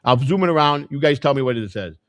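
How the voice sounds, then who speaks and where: A man hosting a live stream, rambling and swearing as he thinks out loud to his chat. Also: mid-range voice, animated, fast talker, no echo, clean studio sound. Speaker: livestream host. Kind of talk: casual live-stream commentary.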